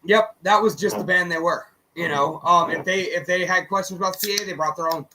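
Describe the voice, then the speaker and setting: A man's voice: high-pitched, fairly quick, background noise. A man co-hosting a radio show, telling stories in a casual chat and acting out his friends' lines as he goes. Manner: animated storyteller who acts out friends' lines; swears casually, many fillers.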